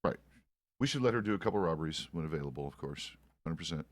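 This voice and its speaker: Middle-aged man, very low register, rambling profane role-play banter, dry sound. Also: expressive, fast, no room sound. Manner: rambling and profane, with many restarts. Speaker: streamer playing a frontier deputy. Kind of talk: casual role-play chat.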